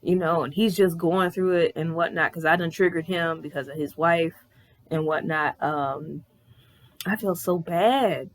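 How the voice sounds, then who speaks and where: A woman in her thirties telling a personal story on her vlog in a candid, animated way, swearing freely. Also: low voice, a little slow. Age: 30s. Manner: candid, profane, animated retelling. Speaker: vlogger.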